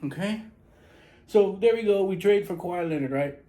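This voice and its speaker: A man's voice: sits high, normal speed, warm tone, low-quality recording. A man from San Antonio, talking casually as a barber. He rambles, repeats himself and restarts his sentences often. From San Antonio, Texas. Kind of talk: casual monologue to camera.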